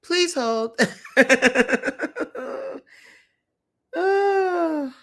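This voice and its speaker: A woman's voice: extremely high pitch, animated, drawn-out words, fairly bright tone. A woman hosting a casual livestream, chatty, laughing often and reading viewer comments aloud. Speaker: livestream host and creator coach.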